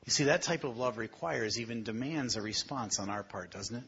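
A man preaching a sermon with a husky, slightly breathy voice. He puts questions straight to his listeners, building to emphatic high points before sinking to a hush. The recording is dull and lo-fi. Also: fairly quick. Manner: rises to emphatic peaks, then drops low and quiet; asks the congregation direct questions.

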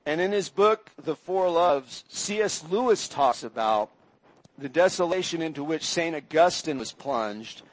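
Man, sermon, unhurried measured storytelling, slightly high voice. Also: no room sound, poor audio. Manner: measured storytelling, acts out quoted voices with rising intensity. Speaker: preacher.

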